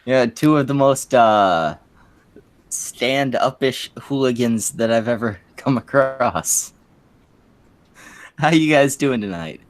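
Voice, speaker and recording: A man's voice: medium pitch, expressive, takes it slowly, pauses often. A man with a Quebec French Canadian accent hosting a stream, rambling through crude, casual banter full of fillers and restarts. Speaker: stream host.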